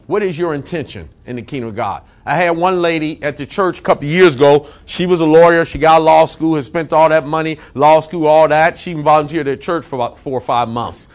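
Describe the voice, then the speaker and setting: A male pastor preaching a sermon, emphatic, repeating phrases and drawing out key words slowly. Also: on the high side.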